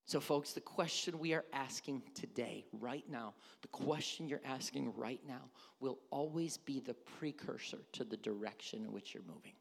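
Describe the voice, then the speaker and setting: A man's voice: mid-range voice, normal speed, gravelly, few pauses, husky. A male pastor preaching a conversational sermon, asking his congregation questions. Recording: reverberant hall.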